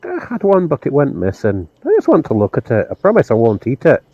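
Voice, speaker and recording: A man's voice: mid-range voice, wildly swooping pitch, brisk, warm tone, no room sound. Playful man on a dull mic. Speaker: player. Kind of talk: casual tabletop play, talking in character. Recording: slightly dull, lo-fi audio.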